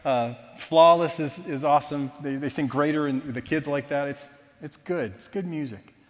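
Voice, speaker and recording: A man with a somewhat high voice tells his personal testimony in a church, in a casual, self-deprecating way. He moves between lively storytelling and quiet, reflective moments. A long reverb from a large church hall trails behind each phrase. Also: moderate pace. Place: church auditorium.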